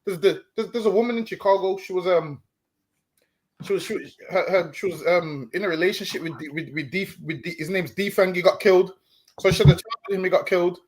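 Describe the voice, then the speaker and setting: Man, high voice, preachy lecturing tone, repeats words, stream discussion. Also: brisk. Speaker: street preacher co-host.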